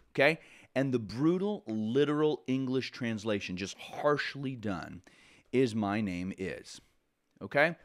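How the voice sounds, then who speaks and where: A man teaching a programming lesson in a conversational way, often restarting sentences and adding asides. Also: mid-range voice. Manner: conversational, self-correcting, with frequent asides. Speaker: programming instructor. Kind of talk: casual lecture.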